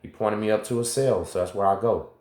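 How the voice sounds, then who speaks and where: A man's voice: on the low side, a little fast, a little mellow, echoey room. A middle-aged man, hosting and telling his own story in a casual, slangy way, talking straight to viewers. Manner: laid-back, slangy, talks straight to viewers. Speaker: host. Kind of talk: casual first-person storytelling.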